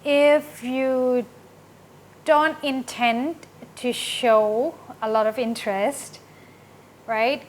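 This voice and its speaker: A woman teaching an English grammar lesson, explaining slowly and often checking with "right?". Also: high-pitched, fairly even intonation, slight background noise.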